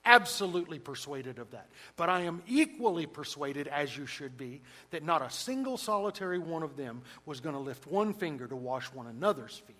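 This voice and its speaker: Male preacher, fairly high-pitched, emphatic, loud-to-soft dynamics. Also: sing-song, normal speed, few pauses, poor audio. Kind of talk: sermon.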